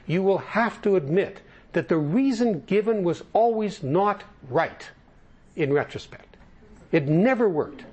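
Husky older man leading a reading group. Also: sits high, a little mellow. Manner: reads aloud then explains in plain terms, with asides. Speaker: recovery study group leader. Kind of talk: reading and commenting on a text.

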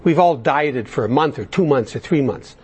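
Husky-voiced man leading a recovery workshop. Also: medium pitch, expressive, moderate pace, darkish tone. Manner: blunt, conversational, with many restarts. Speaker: workshop speaker. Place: large meeting room.

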